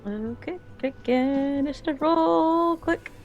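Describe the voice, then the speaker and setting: A woman's voice: sits high, slow, highs cut off, soft background music. A woman playing a tabletop game, talking casually and hesitantly with lots of filler words. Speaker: player.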